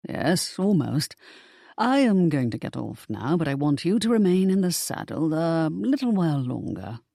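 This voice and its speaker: An audiobook reader voicing a steady, protective young duke who speaks calmly and reassuringly. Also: male voice, fairly high pitch, moderate pace, gravelly, no room sound, studio quality, heavily acted. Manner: calm, reassuring.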